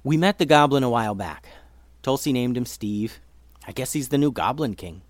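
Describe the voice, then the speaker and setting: A level-headed companion talks things through calmly, as a man puts him on. The sound is dry and close, in a storybook style. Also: mid-range voice, normal speed, dry recording, natural voice. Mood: reasoning. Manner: reasoning, calm.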